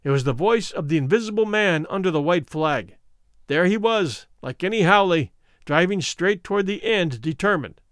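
Expressive male audiobook narrator, dry sound. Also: sits high, normal speed, smooth, no echo. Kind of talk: scripted story narration.

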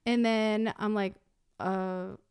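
A woman telling a story in casual chat, animated and laughing often, acting out what people said. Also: medium pitch, slow, clean tone.

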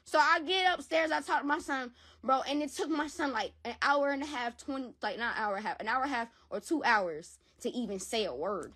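A woman's voice: sits high, a little fast, a bit bright. A woman giving an emotional personal account in an interview, heated and repetitive, swearing often. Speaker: interview guest.

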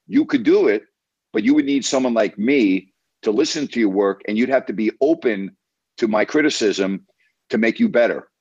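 A man's voice: medium pitch, animated, moderate pace, a little mellow, husky, no room sound, lo-fi sound. A man hosting a sports radio show, coaching a caller in an emphatic, repetitive, lecturing way.

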